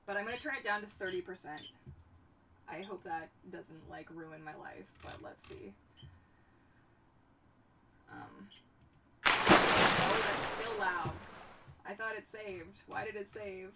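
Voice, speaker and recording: A young woman chats casually on a livestream and often turns aside to talk to her pets, in an animated, lively way. The mic sits some way from her. Steady background noise runs under her voice. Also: mid-range voice, slow, creaky, pauses often, far from the mic. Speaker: livestream host.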